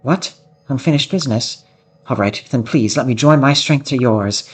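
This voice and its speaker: A man's voice: medium pitch, moderate pace, slightly rough, faint music behind, lightly acted. A man voicing an earnest young female noble swordswoman of the plains, reading game dialogue aloud in a heartfelt, eager manner.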